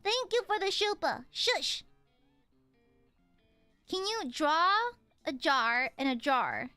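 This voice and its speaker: A young Southern woman streams a game with casual, teasing chat full of laughter. She talks slowly in a high, sing-song voice that sounds pushed and bright, with no room sound and faint music behind.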